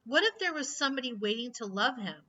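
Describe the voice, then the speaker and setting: A woman reading a children's book aloud in an expressive, emotional way. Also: on the high side, fast. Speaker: reader. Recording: slightly distant, dull lo-fi mic.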